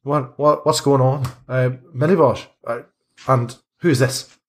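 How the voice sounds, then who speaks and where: A man voicing a flustered priest who speaks in high, bewildered exclamations. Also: fairly even intonation, measured pace, lightly acted. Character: flustered middle-aged male priest.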